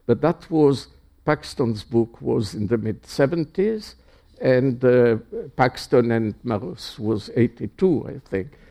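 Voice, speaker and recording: An older man from Czechoslovakia is interviewed about his past. He speaks slowly in a dark, gravelly voice, pausing often and restarting his sentences. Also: mid-range voice, expressive. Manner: halting, with many fillers and restarts. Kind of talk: oral history interview.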